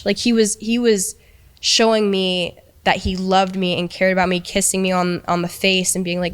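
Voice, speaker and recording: A young woman recounting a painful personal experience in a halting, hesitant way, with many restarts. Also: fairly low pitch, level tone, clear, resonant tone. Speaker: person telling her story in an interview. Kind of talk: emotional personal account.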